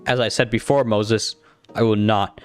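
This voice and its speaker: A man's voice: lowish voice, steady tone, normal speed, clear, resonant tone, faint music behind, lightly acted. A man voicing a haughty, cruel male king in a dramatic reading, with a pompous, commanding manner. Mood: scornful.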